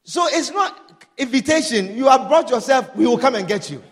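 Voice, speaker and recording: High-pitched, lively preaching man in echoing hall. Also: normal speed. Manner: emphatic preaching with call-and-response amens. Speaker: pastor. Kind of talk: sermon.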